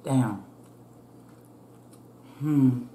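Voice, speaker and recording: A woman's voice: rumbling low, very slow, dark tone, slight background noise. Chatty woman vlogging over a meal. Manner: chatty, addresses viewers as y'all. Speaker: food vlogger. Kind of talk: casual chat to viewers while eating. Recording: echoey room with faint ambience.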